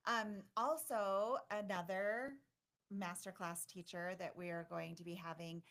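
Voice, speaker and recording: A woman co-hosting a livestream, chatting excitedly with many fillers and restarts. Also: on the low side, a little slow. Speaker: conference organizer and co-host. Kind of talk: casual livestream chat.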